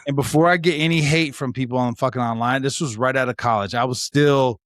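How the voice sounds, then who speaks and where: Animated, profane man in his forties. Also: medium pitch, quick pace, dry recording, clean studio sound. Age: 40s. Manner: animated storyteller, acts out quoted dialogue, swears freely. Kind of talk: casual chat.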